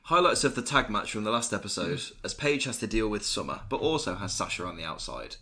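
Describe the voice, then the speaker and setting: Young guy on a podcast, super bright voice, gets hyped and swears a lot. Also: fairly low pitch, fairly quick. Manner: excitable, swearing, laughs a lot. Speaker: podcast co-host. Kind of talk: casual chat recapping wrestling.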